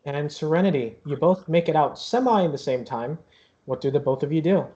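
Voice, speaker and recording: A man's voice: a little high, a little fast, mellow, dull audio. A man narrating as game master of a tabletop game, rambling with many fillers.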